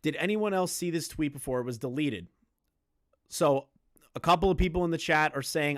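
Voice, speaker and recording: A male streamer talks bluntly and emphatically through online drama, swearing now and then as he makes his points. His voice sits a little high. The sound is dry and close, with no room echo. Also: moderate pace. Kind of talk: live-stream commentary.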